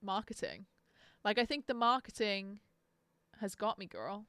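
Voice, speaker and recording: A woman's voice: mid-range voice, very animated, measured pace, fairly bright tone, smooth, dry recording. A young woman chatting casually on a live stream, sarcastic and swearing freely. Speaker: book streamer.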